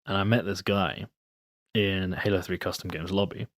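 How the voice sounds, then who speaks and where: A young man talks on a podcast in a loose, relaxed way, spinning a long story. His voice sits low. The recording is dry and close, with no room sound. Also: normal speed, no room sound. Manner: relaxed storyteller, acts out his friends' lines. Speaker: guest. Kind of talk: casual chat.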